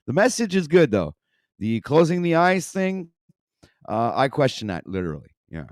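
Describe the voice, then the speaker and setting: A man's voice: a little high, very animated, moderate pace, no room sound, clean studio sound. A man hosting a talk stream, reacting to a video with rambling, profane commentary full of fillers and swearing. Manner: swears constantly, rants and trails off with fillers.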